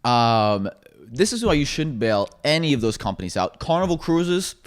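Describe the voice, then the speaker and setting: A man's voice: medium pitch, big pitch swings, normal speed, slight background noise. A man co-hosting a casual podcast discussion, opinionated and ranting, swearing now and then. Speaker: podcast co-host.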